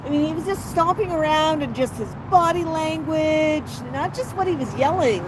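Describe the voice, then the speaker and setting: A woman with a slightly high voice hosts a casual outdoor livestream, sliding between soft baby talk for her bird and friendly chatter with viewers. She sits on a patio, with steady traffic noise clearly audible behind her. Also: moderate pace. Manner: coos baby talk to the bird and reads out chat comments. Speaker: livestream host with her pet cockatoo. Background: passing cars.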